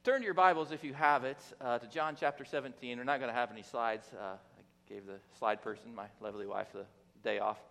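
Gravelly-voiced man preaching in a hall. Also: mid-range voice, steady tone, brisk, fairly bright tone. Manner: conversational, joking, frequent restarts and fillers. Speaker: guest preacher. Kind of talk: casual sermon. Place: church sanctuary. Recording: long reverb of a church hall.

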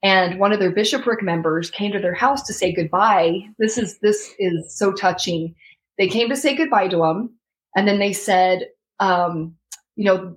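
A young adult American woman talks at moderate pace and medium pitch on a low-quality recording. As an interview guest, she relates a heartfelt personal story, acting out quoted voices with laughs between lines.

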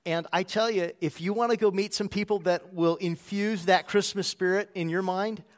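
A man's voice: high voice, steady tone, moderate pace. A man preaching a sermon as a pastor, in a conversational storytelling way.

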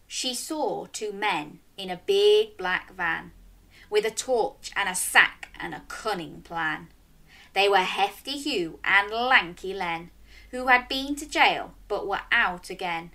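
Lively woman reading a children's story. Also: mid-range voice, slow. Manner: animated, coaxing listeners to join in with animal sounds. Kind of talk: reading a picture book aloud to young children.

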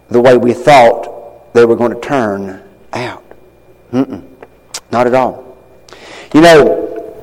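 A man preaching a sermon in a church, swinging from hushed low lines to loud, high-pitched outbursts as he retells a story. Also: big-room sound, rough recording. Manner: dramatic swings from hushed to shouting. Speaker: pastor.

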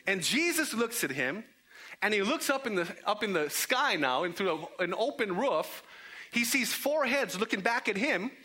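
A man's voice: high voice, normal speed. A young man preaching a storytelling sermon in a church, playfully acting out the people in the story. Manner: animated, playful, acts out the characters' voices. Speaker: guest preacher.

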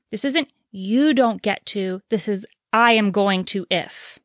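A woman's voice: on the high side, moderate pace, few pauses, no echo, clean studio sound. Earnest woman giving relationship advice. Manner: earnest, reassuring, emphatic repetition. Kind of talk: direct-to-camera advice talk.

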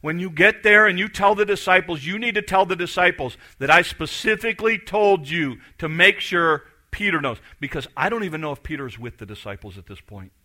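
Bright-voiced man preaching a sermon. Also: expressive, a little fast, hardly any pauses. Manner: storytelling, acts out voices, drops to soft low emphasis. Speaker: pastor.

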